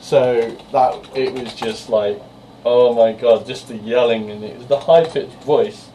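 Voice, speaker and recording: A man's voice: medium pitch, fairly even intonation, measured pace, warm tone. Man, distant mic, faint hiss. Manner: chatty storyteller, laughs often. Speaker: podcast co-host. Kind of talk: casual podcast chat.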